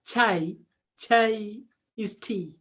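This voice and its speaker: A man's voice: sits high, fairly bright tone. Patient man teaching Swahili. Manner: patient, repeats words slowly, laughs often. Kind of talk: casual online language lesson.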